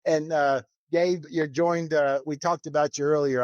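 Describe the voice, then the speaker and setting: A man co-hosting a poker podcast in casual chat, speaking in a low-key way with short replies and checking the records. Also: fairly even intonation, a little slow, dry recording, lo-fi sound. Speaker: podcast co-host.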